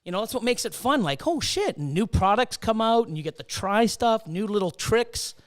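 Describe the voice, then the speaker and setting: A man's voice: high-pitched, expressive, normal speed. A middle-aged man hosting a casual chat, swearing freely and acting out his own past reactions. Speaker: host.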